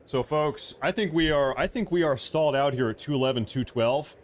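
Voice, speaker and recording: A man's voice: on the high side, fairly quick, a little hiss or hum. A man hosting a political livestream from home, talking casually, joking and repeating himself as he rambles. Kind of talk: casual live commentary.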